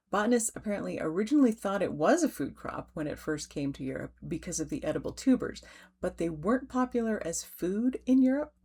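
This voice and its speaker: A middle-aged woman hosting a stitching vlog, chatting gently with soft fillers and restarts and yawning now and then. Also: lowish voice. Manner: yawns while talking. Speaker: cross-stitch designer and vlog host. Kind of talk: casual show-and-tell vlog.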